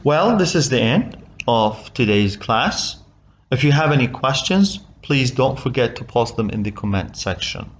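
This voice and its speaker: A man with an Arabic accent teaching a recorded English lesson, explaining slowly and often checking with "okay?". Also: medium pitch, lively intonation.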